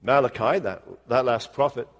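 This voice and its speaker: A male pastor preaching a sermon, emphatic and slowing down on key words. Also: mid-range voice, long reverb tail. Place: church.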